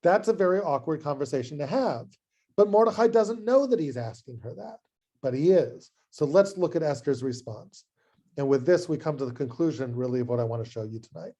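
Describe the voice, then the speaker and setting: A man, a rabbi, giving an adult education lecture in an animated, conversational way that acts out scenes. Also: a little high, brisk. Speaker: rabbi and teacher.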